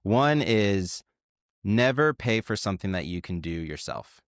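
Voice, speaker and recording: Reflective guy cohosting a podcast, lowish voice, dry close sound, tells little parables. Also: lively intonation, measured pace, no room sound. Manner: reflective, tells parables, trails off quietly at line ends. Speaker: podcast co-host. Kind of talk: casual podcast chat.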